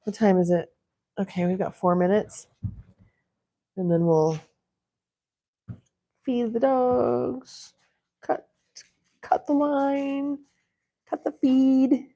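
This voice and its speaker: A woman's voice: a little high, fairly even intonation, slow pace, long pauses, warm tone. A woman hosting a casual live chat from home, chatting along and playfully scolding her dogs. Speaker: livestream host.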